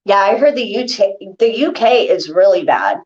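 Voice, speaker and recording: A woman's voice: medium pitch, sing-song, normal speed, darkish tone. A woman ranting to her viewers on a livestream, irritated and swearing. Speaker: vlogger. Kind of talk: casual livestream talk to viewers. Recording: distant dull lo-fi audio.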